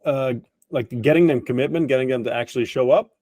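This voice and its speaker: A man hosts a business interview in a mellow voice. He agrees easily and pieces his questions together out loud with fillers. The recording is dry and close. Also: mid-range voice, fast, dry recording. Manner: agreeable, thinks aloud with fillers. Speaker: interview host, sales trainer. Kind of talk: conversational interview.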